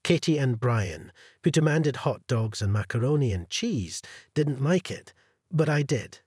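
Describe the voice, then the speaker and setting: A man narrating a first-person story in a measured storytelling delivery. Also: mid-range voice, animated, darkish tone, breathy edge, dry recording, studio quality.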